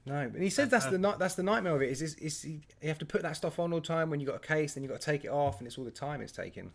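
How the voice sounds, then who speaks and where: A man hosts a casual live stream and greets viewers one after another. His voice sits a little high for a man, and he talks in a loose, chatty way with easy laughter. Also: expressive, rapid-fire, gravelly. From England. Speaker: host.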